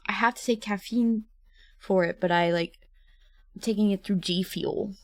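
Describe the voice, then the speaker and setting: A woman's voice: medium pitch, fairly even intonation, normal speed, no echo, studio quality. A woman streamer chatting casually with viewers, rambling and laughing often. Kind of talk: casual livestream chat.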